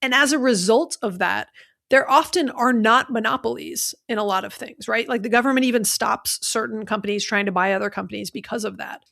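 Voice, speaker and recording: A woman's voice: fairly high pitch, brisk, creaky, a bit bright. A woman in her thirties co-hosting a podcast in casual chat, chatty and full of fillers. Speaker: podcast co-host.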